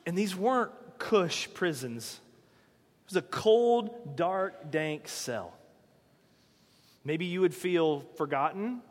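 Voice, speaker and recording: A man's voice: sits high, animated, slow, long pauses, in a large hall. A man preaching a sermon in a conversational way, asking his listeners rhetorical questions. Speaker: pastor.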